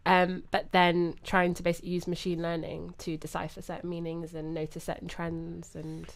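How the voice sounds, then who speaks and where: A woman's voice: lowish voice, completely flat delivery, normal speed, creaky. A woman presenting on a science radio show, talking in an enthusiastic, conversational way. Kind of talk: casual science radio chat.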